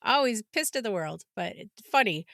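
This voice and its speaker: Bright chatty woman podcast host. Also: medium pitch, expressive, creaky, dry recording, clean studio sound. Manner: chatty, laughs often, quick asides. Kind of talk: casual podcast chat and storytelling.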